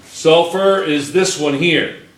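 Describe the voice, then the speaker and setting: A man's voice: a little high, slow. A man teaching chemistry to a class, playful and joking, firing questions at his students. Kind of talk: classroom lecture. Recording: echoey classroom.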